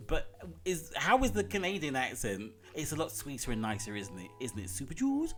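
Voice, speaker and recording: A man's voice: fairly high pitch, wildly swooping pitch, normal speed, fairly bright tone, soft background music. Giggly man joking through a game. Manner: giggly, reads game dialogue in jokey put-on accents. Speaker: gameplay streamer. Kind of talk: playful game playthrough with voice acting.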